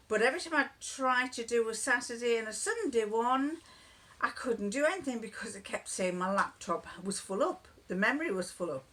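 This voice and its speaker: This woman's fairly high voice has a sharp edge. As a vlogger chatting casually on camera, she drifts from one homely story to another, digressing often and laughing plenty.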